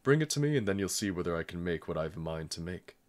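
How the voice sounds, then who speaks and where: A man's voice: sits low, expressive, fast talker, a little mellow. A man voicing an irritable old grandmother who scolds and complains. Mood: scolding. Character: stern, irritable old grandmother, fussy and proud.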